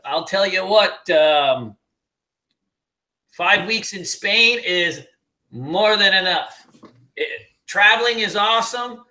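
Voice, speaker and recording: This is a man with a high, bright voice, hosting a live webinar from home. He talks in a loose, joking, energetic way with lots of ums and uhs. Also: slow pace, long pauses. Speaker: webinar host and trading mentor. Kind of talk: casual live webinar chat.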